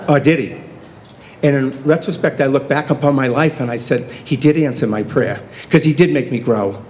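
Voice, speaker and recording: A man's voice: mid-range voice, normal speed, darkish tone, a little hiss or hum. Man in his fifties telling funny stories. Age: 50s. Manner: self-deprecating, acts out quoted dialogue. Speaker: award inductee giving acceptance speech. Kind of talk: humorous storytelling speech. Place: hotel banquet hall.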